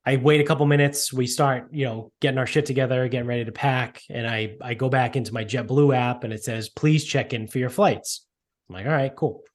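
A man tells a rambling story in casual chat, peppered with swearing and filler. His voice sits at an ordinary middle pitch, and he keeps the telling loose and animated. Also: a little fast. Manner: profane, rambling, animated retelling.

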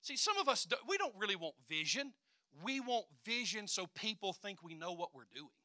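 A man preaching a sermon, swinging from quiet asides to loud declarations and acting out voices. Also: high-pitched, sing-song, normal speed, no room sound, studio quality.

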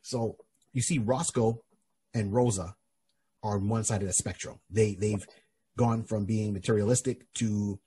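A man's voice: fairly low pitch, fairly even intonation, unhurried, mellow, husky. A man hosting a podcast, casually and animatedly retelling a comic book story with many restarts. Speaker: podcast host. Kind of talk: casual chat.

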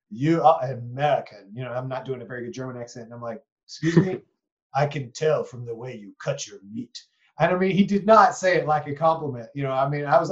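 A man's voice: medium pitch, highs cut off. A man from East Texas hosting a podcast interview, reflective and rambling, with many asides and tag questions. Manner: reflective, rambling, many "you know"s and "right?". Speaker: podcast host. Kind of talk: conversational interview.

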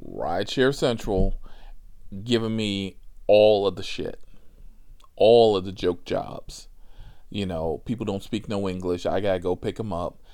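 A rideshare driver telling a personal story, profane and animated, with laughing asides. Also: male voice, deep voice, unhurried.

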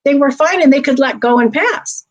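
A woman chatting casually as a guest, telling stories with lively quoted voices. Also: sits high, normal speed, dull audio. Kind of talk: casual chat.

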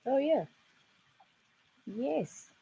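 A woman's voice: high voice, big pitch swings, extremely slow, creaky, mellow, dry recording, rough recording. A woman co-hosting a podcast in casual chat, agreeing with amused interjections.

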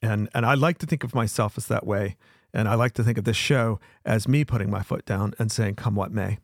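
A man's voice: lowish voice, fairly quick, no echo, clean studio sound. A middle-aged man from the American South hosting his own show in an earnest, emphatic monologue that often repeats itself. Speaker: podcast host.

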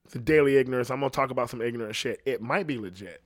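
A man's voice: mid-range voice, racing, no room sound, studio quality. A man from Ohio hosting a solo podcast, rambling in a profane, casual monologue and often asking "you know what I mean". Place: at home alone.

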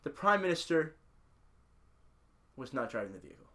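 Dry-humored man telling a story at home. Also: mid-range voice. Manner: wry, deadpan asides, halting restarts. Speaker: podcast co-host. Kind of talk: casual chat. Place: his own house.

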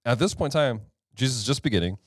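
A man's voice: mid-range voice, fast, no echo, studio quality. A man hosting a casual Bible study podcast, talking animatedly and laughing easily. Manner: animated, laughs easily, reads scripture aloud. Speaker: podcast host and Bible teacher.

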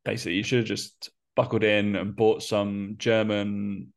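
A man's voice: lowish voice, little pitch movement, normal speed, gravelly. A young man co-hosting a podcast in loose, chatty banter, swearing and laughing often. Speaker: podcast co-host.

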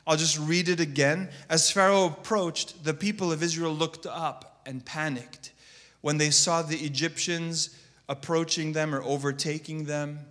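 A man with a notably high voice preaching a sermon, reading scripture and then pressing it on his listeners. He swings from loud, stretched-out emphasis to low, hushed asides, and his words ring with the long reverb of a large hall. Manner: reads scripture aloud and applies it, shifting between loud emphasis and low quiet asides. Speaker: pastor.

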